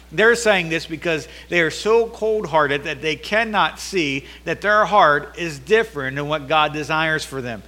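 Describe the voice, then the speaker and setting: Bright high-voiced male preacher. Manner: preaching with emphatic quoted voices of scripture; repeats and restarts phrases for emphasis. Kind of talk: sermon.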